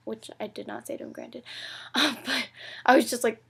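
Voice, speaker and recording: Husky young woman vlogging, half whispered. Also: on the high side, level tone, a little fast, fairly bright tone. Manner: talks in fillers and acted-out quotes, often drops to a near whisper. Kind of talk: casual vlog recap.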